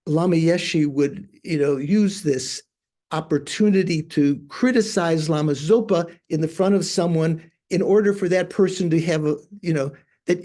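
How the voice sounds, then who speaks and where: Hesitant older monk, mellow voice. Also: male voice, a little high, normal speed. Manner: hesitant, searching for words with many fillers. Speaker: Buddhist monk teacher. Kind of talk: anecdotal teaching talk.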